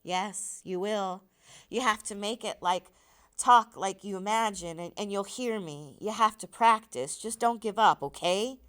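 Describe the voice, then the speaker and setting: A woman voicing a weary, dying father who quietly reassures his son, while reading a novel aloud. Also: mid-range voice, a little slow, clean tone, natural voice. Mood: reassuring.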